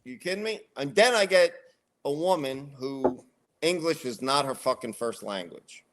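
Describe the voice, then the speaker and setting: A middle-aged man telling a story in casual podcast chat, ranting and swearing a lot in an animated way. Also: medium pitch, normal speed, noisy background. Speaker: podcast co-host.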